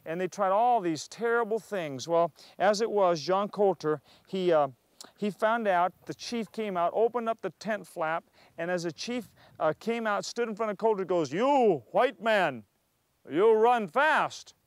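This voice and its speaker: Man storyteller-preacher: high voice, lively, acts out characters. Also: moderate pace, smooth, no echo. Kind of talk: oral storytelling with sermon asides.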